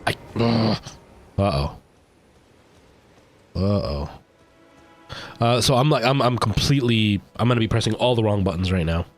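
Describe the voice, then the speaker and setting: A man's voice: lowish voice, lively intonation, moderate pace, pauses often, faint music behind. A man streaming a game live, rambling and thinking aloud as he plays, often poking fun at himself. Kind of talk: live gameplay commentary.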